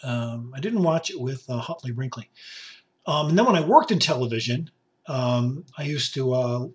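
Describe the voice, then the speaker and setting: A man in his sixties, hoarse and raspy from a cough, hosting a rambling, jokey solo podcast from a basement home studio. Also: medium pitch. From upstate New York. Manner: rambling, jokey, with many fillers and asides. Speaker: podcast host.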